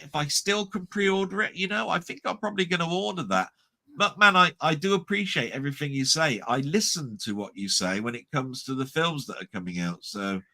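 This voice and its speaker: A man with a bright, forceful voice, a touch higher than most, hosts a casual livestream. He reads viewer comments aloud and answers them in a chatty, self-deprecating manner. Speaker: livestream host reading chat comments. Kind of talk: casual live chat.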